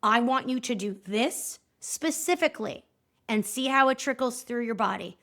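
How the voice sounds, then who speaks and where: Female podcast host, high pitched, animated storyteller who acts out the dialogue. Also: moderate pace. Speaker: podcast host and movement coach. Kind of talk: storytelling monologue.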